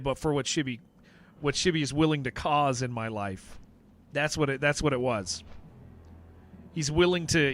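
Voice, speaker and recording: A man's voice: a little high, sharp tone. A man streaming a game, chatting casually and emphatically with his viewers and answering their messages as he goes. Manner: rambling, emphatic, reacts to chat messages.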